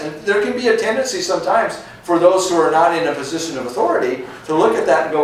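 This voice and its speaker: Pastor in an echoey hall, slightly high voice. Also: male voice, animated, quick pace, few pauses. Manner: conversational, frequent "okay?" and "right?" check-ins. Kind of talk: verse-by-verse sermon. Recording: echoey room from far off, faint noise.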